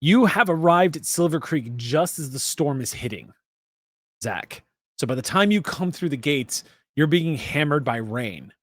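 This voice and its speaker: A man narrating a tabletop game as game master, relaxed and chatty with many fillers. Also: a little high, measured pace, no echo, clean studio sound.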